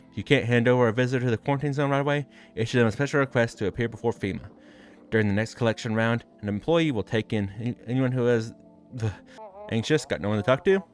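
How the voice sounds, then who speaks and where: A man's voice: medium pitch, natural voice. A man doing a formal news anchor. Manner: formal announcer delivery.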